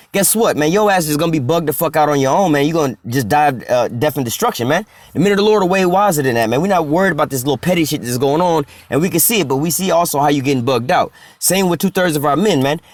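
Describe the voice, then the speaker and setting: A man preaching a profane street sermon, tacking "man" onto his phrases and slowing down to read scripture. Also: fairly high pitch, no echo. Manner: heavy cursing slang, ends phrases with "man"; reads scripture slowly, stalls on filler sounds.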